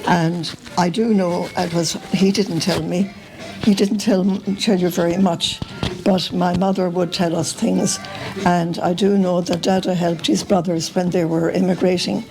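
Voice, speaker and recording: An older Irish woman telling family stories to the camera in a relaxed, meandering way, often pausing with "uh" and "um". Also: on the low side, creaky, poor audio. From Ireland. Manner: meandering, full of uh and um. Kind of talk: casual storytelling to camera.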